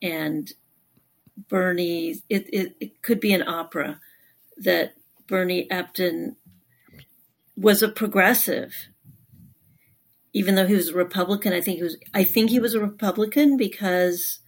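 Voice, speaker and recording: A woman from Texas, an author guest in an interview, telling stories in a calm, reflective way. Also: lowish voice, a little slow, long pauses, husky. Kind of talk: conversational interview.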